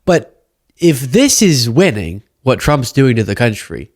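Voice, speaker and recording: A man's voice: medium pitch, very animated, a little slow, no room sound, studio quality. A young man hosting a political commentary show, talking casually and sarcastically and laughing often.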